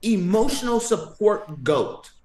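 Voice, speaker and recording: Animated joking male podcast host. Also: sits high, slow pace, reverberant, crowd noise. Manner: animated, joking, emphatic rants. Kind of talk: casual podcast banter.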